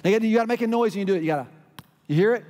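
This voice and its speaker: High-voiced pastor preaching in a hall. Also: male voice, very fast, a little mellow. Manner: storytelling, leads the crowd in call-and-response. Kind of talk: sermon. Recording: hall reverb.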